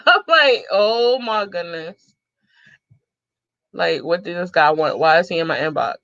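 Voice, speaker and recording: Sassy, bright-voiced woman in her thirties. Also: on the low side, unhurried, pauses often, no echo, highs cut off. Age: 30s. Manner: sassy, animated, laughs often. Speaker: vlogger. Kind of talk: casual storytelling to viewers.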